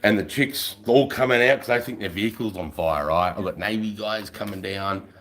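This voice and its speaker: A man's voice: lowish voice, normal speed, a bit bright. A middle-aged man with an Australian accent telling a rambling story on a livestream, swearing freely and tagging lines with "right?". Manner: swearing, rambling, tags 'right?'. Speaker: livestream host. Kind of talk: casual storytelling.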